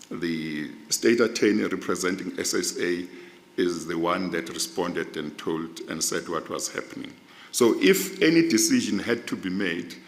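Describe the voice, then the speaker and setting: A middle-aged man with a South African accent, answering questions in a formal panel interview with deliberate, careful explanations. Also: low-pitched. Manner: slow, measured, deliberate explanations. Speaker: judicial candidate being interviewed. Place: large hearing room. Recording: echoey hall, long reverb.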